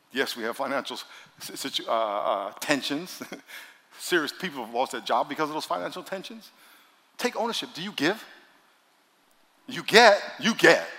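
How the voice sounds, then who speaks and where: A man preaching a sermon as pastor, emphatic, repeating lines for stress and swinging between loud and quiet. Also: fairly high pitch. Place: large church. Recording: long hall reverb in a large church.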